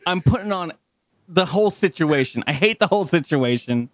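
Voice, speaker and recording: A man's voice: on the high side, lively intonation, brisk. A man co-hosting a podcast in casual chat, ranting in exasperation, swearing and repeating himself. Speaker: podcast co-host.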